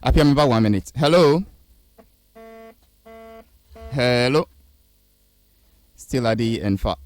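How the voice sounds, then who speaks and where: A man with a Ghanaian accent hosting a radio talk show, reading listener comments and trying to calm his guest. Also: mid-range voice, slow. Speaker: radio host.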